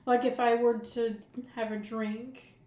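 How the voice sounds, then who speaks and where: High-voiced woman rambling in casual chat. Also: flat delivery, slow pace, dark tone, roomy sound. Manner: rambling, heavy use of "like". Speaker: podcast co-host.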